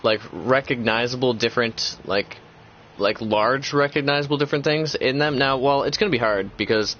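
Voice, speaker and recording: A man's voice: mid-range voice, normal speed, a bit bright, a little hiss or hum. A young man hosting a gaming channel, chatting casually and rambling with lots of fillers and restarts. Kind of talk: casual chat. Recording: dull lo-fi sound.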